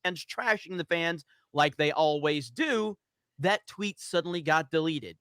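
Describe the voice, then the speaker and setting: A man's voice: a little high, unhurried, fairly bright tone, clear, resonant tone, dry recording. Dry-sounding sarcastic male commentator. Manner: sarcastic, matter-of-fact. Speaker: YouTube commentator. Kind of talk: casual video commentary.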